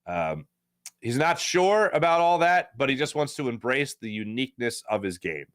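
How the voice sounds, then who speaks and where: A man's voice: mid-range voice, normal speed, dry recording, studio quality. Rambling, filler-heavy man talking sports. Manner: animated, rambling, many fillers and restarts. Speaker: sports radio host. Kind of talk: casual sports talk monologue.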